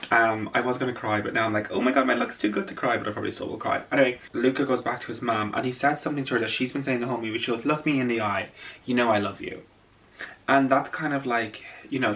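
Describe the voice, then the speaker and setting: A man's voice: medium pitch, a bit bright, distant mic, a little hiss or hum. A man vlogger chatting casually about a film while doing his makeup, gushing and playful. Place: indoors at home, doing makeup on camera.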